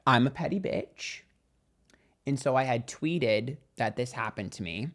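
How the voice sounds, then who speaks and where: A man's voice: mid-range voice, a little slow, fairly bright tone. Chatty young man gossiping on a livestream. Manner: chatty, gossipy, swears freely. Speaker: tarot reader and livestream host. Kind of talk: casual livestream chat.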